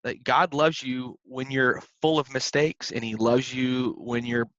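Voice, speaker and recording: A man's voice: mid-range voice, little pitch movement, unhurried, a bit bright, dry recording. Earnest young man, dry dull sound. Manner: earnest, rambling with many restarts. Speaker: podcast co-host. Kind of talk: casual faith talk.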